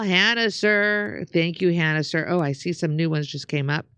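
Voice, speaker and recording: Smooth-voiced woman reading viewer comments. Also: fairly low pitch, normal speed, a bit bright, no room sound. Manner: casual, scrolling and hesitant. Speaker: co-host.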